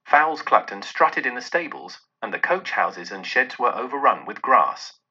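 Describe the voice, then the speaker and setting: A man reading a classic story aloud in a dramatic, expressive narration. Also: unhurried, husky. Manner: dramatic, with many shifts in pitch and loudness. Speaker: audiobook narrator. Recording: dull lo-fi recording.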